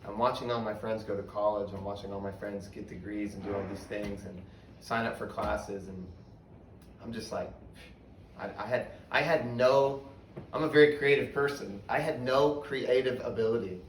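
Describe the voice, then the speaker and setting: A young man gives a personal testimony, candid and storytelling, often sinking to a hushed voice for the hard parts. He sounds set back from the mic in a reverberant space. A faint ambience sits underneath. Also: lowish voice, fairly even intonation, moderate pace, a little hiss or hum. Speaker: speaker giving a testimony. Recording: roomy, from a distance, faint ambience.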